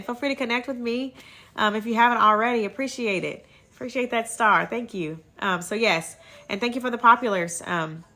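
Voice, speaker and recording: A woman's voice: on the high side, pushed and bright. A woman hosting a casual herbal wellness livestream on her phone, chatty and upbeat, thanking viewers as she goes.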